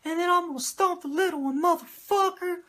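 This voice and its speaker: A man putting on the voice of a swearing, high-pitched male wrestling manager. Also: fairly quick, sharp tone. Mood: scheming. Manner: bossy, swearing.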